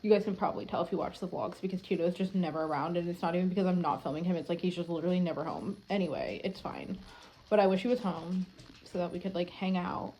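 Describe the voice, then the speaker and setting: A young adult woman vlogging at home, telling a story in a rambling, animated way, full of filler words and frequent swearing. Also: lowish voice, fast. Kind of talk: casual storytelling to camera.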